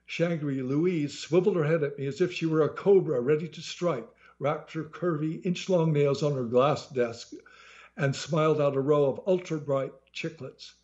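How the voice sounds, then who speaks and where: A man's voice: on the high side, normal speed, darkish tone, dull audio. Man reading his sardonic memoir aloud. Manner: sardonic storytelling. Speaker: author reading his own book.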